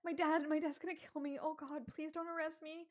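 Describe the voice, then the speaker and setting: A woman voicing a frightened teenage girl who begs and cries, high and breathless. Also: monotone, fairly quick, gravelly. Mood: pleading. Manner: high, breathless, tearful begging.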